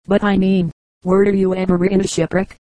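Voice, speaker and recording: A woman's voice: medium pitch, level tone, moderate pace, dark tone, no echo, natural voice. A woman reading the part of a curious, earnest young girl in a storybook.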